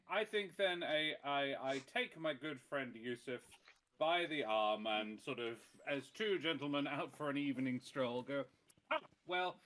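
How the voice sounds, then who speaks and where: A man taking part in a tabletop game, chatting loosely and joking between in-character bits. His voice sits at an everyday middle pitch. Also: a little slow, pushed and bright. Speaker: player. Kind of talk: casual tabletop play.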